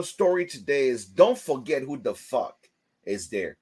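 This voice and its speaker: Animated man telling stories on a livestream. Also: mid-range voice, normal speed, slightly rough. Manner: animated storytelling, acts out quotes loudly. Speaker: host. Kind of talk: casual livestream chat.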